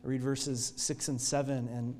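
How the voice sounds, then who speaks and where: A male pastor preaching a sermon in a church, telling the story in an earnest, expressive way. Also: mid-range voice, moderate pace, slight background noise.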